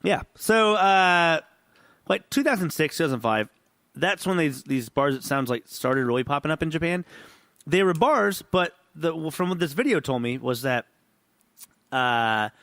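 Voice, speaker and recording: Gravelly, tipsy podcast host. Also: male voice, a little high, animated, measured pace, fairly bright tone, no echo. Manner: profane, rambling, laughs often. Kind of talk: casual chat.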